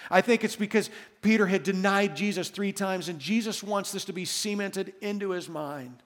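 A man's voice: sits high, moderate pace. A man preaching a sermon as pastor, telling a story and acting out the quoted lines. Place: church hall. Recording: long church hall reverb.

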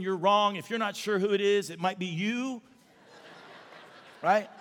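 Male pastor, high voice, lively conversational sermon, church hall reverb. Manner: animated, conversational preaching with humor. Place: church auditorium. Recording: long reverb of a large hall.

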